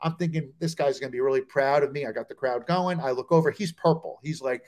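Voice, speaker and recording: A man's voice: medium pitch, quick pace, slight background noise. A middle-aged man from New Jersey, a stand-up comedian telling road stories as a guest on a comedy talk show, acting out the people in them. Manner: animated storyteller, acts out quoted voices.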